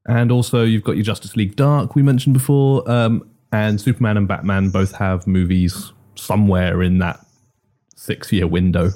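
A man's voice: lowish voice, steady tone, normal speed, mellow. A man co-hosting a casual podcast chat about comic book films, joking wryly. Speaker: podcast co-host.

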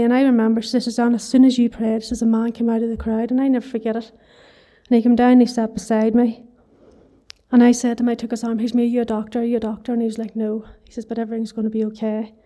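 A woman with a Northern Irish accent shares a personal testimony before her congregation. Her voice is fairly high and mellow, and she holds an even, level tone as she talks earnestly with plenty of "you know" fillers. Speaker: church member giving testimony.

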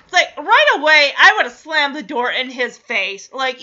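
A woman's voice: sits high, sing-song, measured pace, hardly any pauses, bright, forceful tone. A young woman animatedly recapping a TV episode in a gossipy, teasing way, often laughing. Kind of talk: casual chatty episode recap. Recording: dull lo-fi audio.

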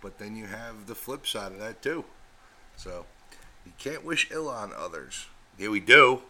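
A man's voice: on the low side, very animated, measured pace, bright, forceful tone, slight background noise, low-quality recording. A man co-hosting a podcast, chiming in with laid-back, agreeable replies. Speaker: podcast co-host. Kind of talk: casual podcast chat.

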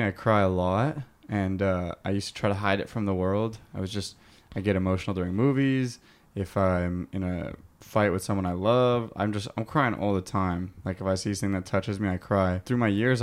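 A young man hosting a podcast with his father, talking in an easygoing, open way. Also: sits low. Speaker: podcast host. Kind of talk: casual podcast chat.

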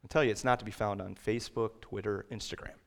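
A man preaching a sermon to his congregation, rising to loud, emphatic peaks when he reads scripture and quotes. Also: lowish voice, steady tone, quick pace, vocal fry. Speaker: pastor. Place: church sanctuary.

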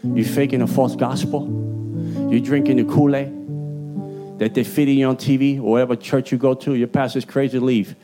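A man with a Puerto Rican accent delivers a sermon in a mid-range voice. His preaching is emphatic and streetwise, and his voice jumps up for the punchlines. Guitar music plays clearly underneath. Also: medium pitch, flat delivery, moderate pace. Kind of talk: sermon with altar call.

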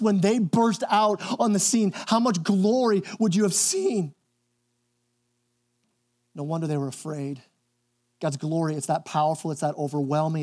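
A man preaching a church sermon, animated, then dropping to a hushed, intense tone. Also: high-pitched. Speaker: pastor.

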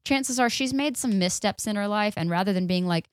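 A woman's voice: lowish voice, fairly quick, few pauses, clean tone, no echo, studio quality. A woman co-hosting a casual true-crime podcast. She is blunt and swears freely, and she reads case details between opinions. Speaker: podcast co-host.

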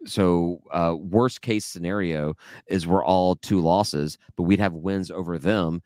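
A man's voice: low-pitched, measured pace, a little mellow, no room sound, studio quality. A man from Memphis co-hosting a sports podcast in casual chat, rambling and restarting his sentences. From Memphis, Tennessee. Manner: rambling, repeats and restarts words. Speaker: podcast co-host.

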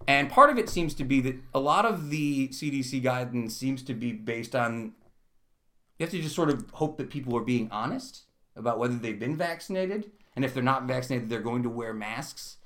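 A man's voice: medium pitch, expressive, moderate pace, bright, forceful tone. A young man co-hosting a casual podcast, telling self-mocking stories and laughing as he goes. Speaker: podcast co-host. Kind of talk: casual chat.

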